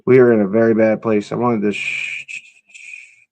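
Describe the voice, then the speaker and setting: A man's voice: lowish voice, level tone, normal speed, darkish tone. A man hosting a casual live stream, reacting to clips and chatting with viewers in an offhand, profane way. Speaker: livestream host.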